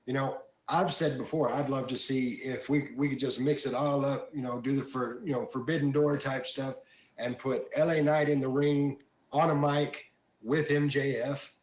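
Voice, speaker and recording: A man's voice: medium pitch, steady tone, moderate pace. A man hosting a podcast in casual chat, conversational with plenty of fillers. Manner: conversational, lots of "you know" fillers. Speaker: podcast host. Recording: roomy echo.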